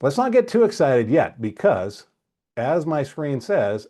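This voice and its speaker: Male trading coach for a webcast lesson, animated delivery, mellow tone. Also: mid-range voice, measured pace. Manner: lively, talks to viewers directly, asks and answers questions.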